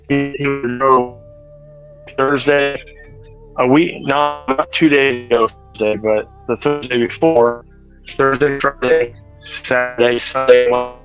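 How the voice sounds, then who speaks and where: A truck driver streamer chats casually while shopping in a large store, rambling and frequently correcting himself. His medium-pitched voice is fairly even and slow, captured on slightly lo-fi phone audio with soft background music.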